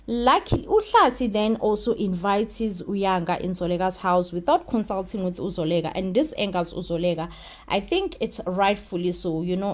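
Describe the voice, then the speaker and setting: A woman's voice: medium pitch, a little mellow. A young woman with a South African accent, chatting casually through a recap of a TV drama, repeating words for emphasis with plenty of "you know". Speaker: TV series recap host.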